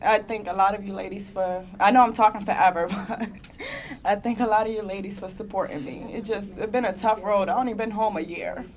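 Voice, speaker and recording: Brisk and medium-pitched, her intonation fairly even, a young panelist recounts her own experience at a conference in a meeting room. The testimony is earnest and heartfelt, nearly tearful at times, punctuated by rueful laughs.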